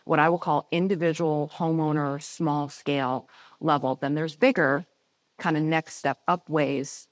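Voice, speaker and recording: A woman's voice: low-pitched, fairly even intonation, measured pace, dry recording. A woman speaking on a panel in a direct, emphatic way, often checking in with her listeners. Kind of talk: panel discussion.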